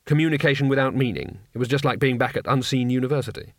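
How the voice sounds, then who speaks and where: A man reading an audiobook in a wry, expressive narration. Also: mid-range voice, quick pace, no echo, studio quality. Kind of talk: scripted narration.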